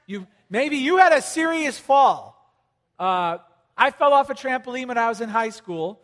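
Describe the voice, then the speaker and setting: A man preaching a sermon to a congregation, talking conversationally and animatedly, with sudden loud emphasis and quiet drops. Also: very high voice, expressive, a little slow. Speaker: pastor. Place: church hall with congregation. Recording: long hall reverb.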